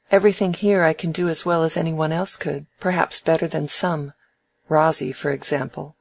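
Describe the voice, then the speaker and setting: A reader voicing a proud, sharp-witted young woman in a novel, speaking crisply and earnestly with a teasing edge. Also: medium pitch. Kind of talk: audiobook dialogue reading.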